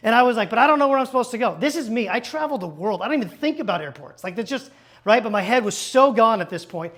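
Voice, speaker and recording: A male pastor telling a lively personal story from the pulpit, acting out the dialogue and turning to the congregation with quick asides. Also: extremely high pitch. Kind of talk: storytelling sermon. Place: church stage.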